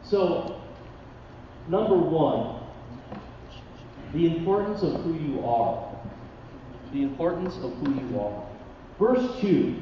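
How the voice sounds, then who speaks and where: A man preaching a sermon, reading scripture with dramatic pauses and chatting with the congregation between passages. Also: fairly high pitch, a little hiss or hum. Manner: expressive Bible reading, dramatic pauses, conversational asides. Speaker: pastor. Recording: distant mic in a reverberant hall, dull sound.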